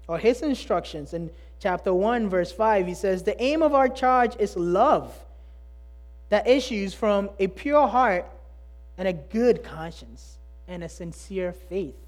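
A preacher delivering a sermon, emphatic and full of rhetorical questions, swinging between loud and hushed delivery. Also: medium pitch.

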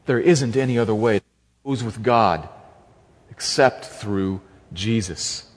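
A man's voice: on the low side, slow pace. A man preaching an expository sermon as pastor, emphatic and repeating key phrases for stress. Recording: long reverb of a large hall.

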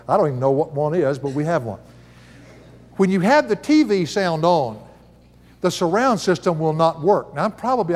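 Older man, folksy preacher, higher voice, long reverb around him. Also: darkish tone. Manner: folksy, chuckling storyteller. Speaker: Bible teacher. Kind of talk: sermon with personal stories.

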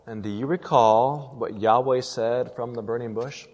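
A man preaching a sermon as pastor, emphatic, with rhetorical questions and dramatic slowdowns. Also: medium pitch, fairly even intonation, darkish tone, muffled recording. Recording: long reverb of a large hall.

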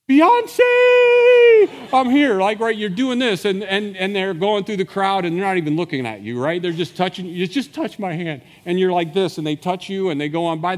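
A man preaching a sermon as a pastor, telling the story with animated energy and acting out the voices he quotes. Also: on the high side, in a large hall.

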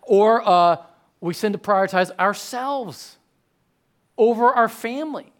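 Chatty, animated pastor preaching. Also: male voice, sits high, unhurried. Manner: chatty storyteller, animated with sudden loud outbursts. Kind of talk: sermon.

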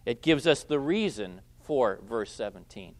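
A man preaching an expository sermon, who stresses key phrases loudly, repeats them and lets his phrase endings drop quiet. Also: medium pitch, animated, a little slow. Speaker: pastor.

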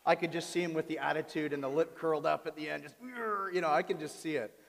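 A man preaching a sermon as pastor, animated, often turning to his congregation with questions. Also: on the high side, fast, vocal fry. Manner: animated, asks the audience questions. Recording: reverberant hall.

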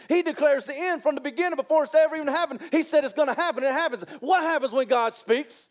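A man preaching a sermon in an animated, excitable way, repeating phrases and stretching key lines out slowly. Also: very high-pitched.

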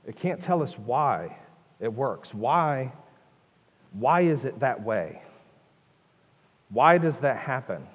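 A man's voice: mid-range voice, very animated, slow, pauses often, slightly rough, big-room sound, highs cut off. A man preaching a sermon, emphatic and full of rhetorical questions. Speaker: pastor.

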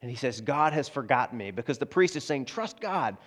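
A man's voice: mid-range voice, expressive, fairly quick. Guy preaching a sermon, chatty, talks right to the crowd, does the voices in his quotes. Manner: conversational preaching, asides to the congregation, frequent restarts; acts out quoted voices in prayer and dialogue. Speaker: pastor.

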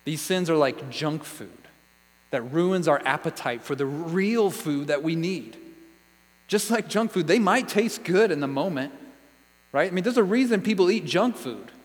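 A man's voice: a little high, animated, measured pace, long reverb tail, poor audio. A man preaching a sermon as a pastor, earnest and conversational, asking the listeners one question after another.

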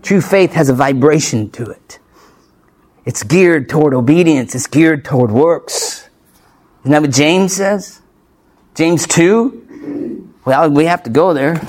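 Male pastor, high voice, emphatic sermon delivery, rhetorical questions, playful asides. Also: takes it slowly, long pauses, darkish tone. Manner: playful asides with light laughs. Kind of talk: expository sermon.

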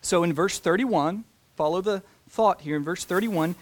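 Emphatic preacher, man, slightly high voice. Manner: deliberate and emphatic, slowing down to stress scripture. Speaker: pastor. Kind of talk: sermon.

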